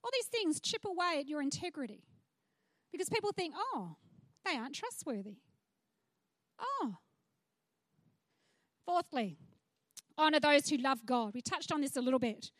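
An Australian woman delivers a sermon from a church stage in a very high voice. The sound is dry and close, with no room echo. She preaches in a chatty, frank way, breaking off for asides. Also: lively intonation, normal speed, pauses often. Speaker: pastor.

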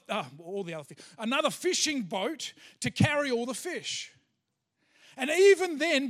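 High-voiced pastor preaching. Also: male voice, a bit bright. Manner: chatty storytelling, many fillers. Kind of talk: sermon with personal story.

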